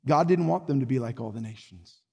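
A man preaching a sermon as pastor, calling out to the congregation and swinging between booming exhortation and low, earnest tones. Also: a little fast, creaky, a little mellow, breathy edge. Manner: preaching with call-and-response to the congregation. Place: church sanctuary. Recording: hall reverb.

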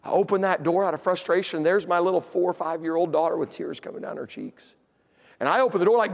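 A man preaching from the pulpit with a strikingly high-pitched voice. He tells a heartfelt personal story and pokes fun at himself. His words ring out with the long reverb of a large church hall. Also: quick pace, vocal fry. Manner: emotional, self-deprecating storyteller.

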